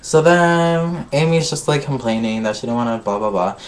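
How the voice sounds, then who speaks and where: A man's voice: mid-range voice, animated, normal speed, a little hiss or hum. A man casually recapping a reality show episode, gossipy and full of swearing, skipping ahead with filler. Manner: gossipy, swears a lot, skips ahead with "blah, blah, blah". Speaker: vlogger reviewing a reality show.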